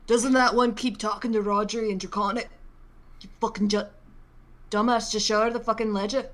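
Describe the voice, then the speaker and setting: A coarse, scolding father figure in a tabletop game, voiced by a woman in a voice close to her own. He barks insults at his son. The pitch sits slightly high for a woman. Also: fairly even intonation, moderate pace, close to an everyday voice.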